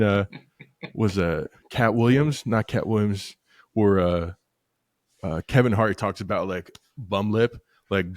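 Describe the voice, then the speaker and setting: In a lowish voice, this podcast host tells animated stories in a blunt, casual way, with plenty of swearing. The recording is dry and studio quality.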